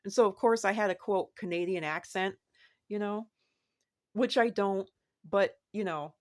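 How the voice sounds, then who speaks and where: A woman vlogger talking casually to the camera, rambling and repeating herself, with sudden animated rises in her voice. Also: medium pitch, a little slow. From United States.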